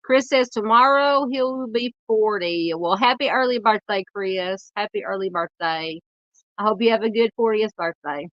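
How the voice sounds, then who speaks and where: A woman in her forties with a Southern US accent, hosting a true crime livestream and chatting loosely with viewers, halting and full of fillers. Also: mid-range voice, no echo, muffled recording. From United States. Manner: rambling, halting, lots of fillers while searching the screen. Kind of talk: casual livestream chat reading comments.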